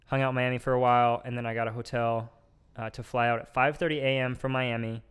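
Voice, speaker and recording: A young podcast host with a smooth, clear, medium-pitched voice talks fast through a long personal story in casual chat. He rambles, piles on filler words, and presses on with animated energy.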